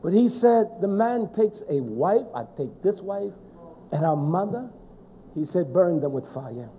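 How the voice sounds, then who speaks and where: A man preaching a sermon in a fervent, emphatic way, with sudden shouted stresses. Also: sits high, animated, measured pace, slight background noise.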